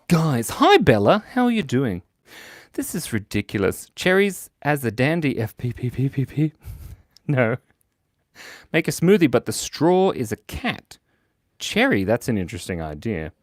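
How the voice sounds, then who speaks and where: A man's voice: mid-range voice, very animated, a little slow, no room sound, clean studio sound. A man hosting a live drawing stream, chatting casually with viewers, reading their comments and joking at his own expense while laughing often. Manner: playful, joking and self-mocking. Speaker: livestream host drawing for viewers.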